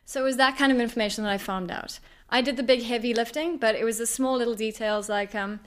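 A woman's voice: a little high, quick pace, a bit bright. A woman novelist and former journalist answering interview questions in a chatty way, full of restarts and fillers.

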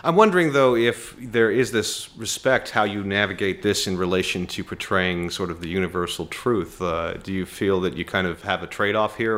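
A man's voice: sits low, a bit bright. A male interviewer asking formal, probing questions.

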